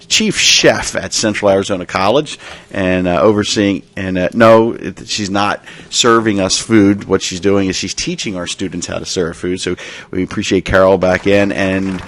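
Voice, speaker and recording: A man's voice: low voice, a bit bright. A man hosting a live local radio talk show, with a Philadelphia Italian accent, rambling and correcting himself as he jokes with guests. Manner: rambling, self-correcting, joking.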